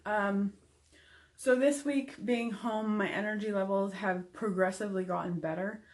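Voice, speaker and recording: A woman's voice: mid-range voice, fairly even intonation, normal speed, a little mellow. A young adult woman giving a candid, frank recovery update to camera, with frequent ums. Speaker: vlogger.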